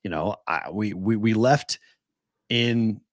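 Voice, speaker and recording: A man's voice: lowish voice, slow pace, no echo, clean studio sound. A man co-hosting a casual podcast, telling stories animatedly, acting out quotes and swearing. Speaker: co-host.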